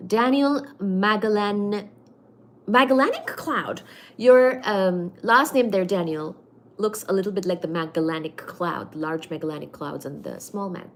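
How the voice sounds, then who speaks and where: Lady reading her live chat out loud, playful and sweet, calls folks darling, mid pitch. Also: a little slow, slight background noise. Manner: chatty, affectionate, playful. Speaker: livestream host.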